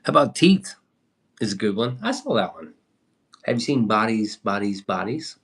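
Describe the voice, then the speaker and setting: A man's voice: on the low side, very animated, moderate pace, breathy edge. A young man chatting loosely on a livestream, swearing now and then and answering viewer comments. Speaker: livestream host. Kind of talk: casual livestream chat.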